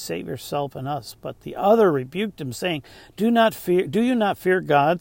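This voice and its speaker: A man preaching from the pulpit in a gravelly, slightly higher voice. He swings between forceful emphasis and hushed, slowed phrases. The sound is dry and close, with little room echo. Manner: preaching with emphatic rises and soft, slowed drops. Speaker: pastor. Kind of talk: sermon.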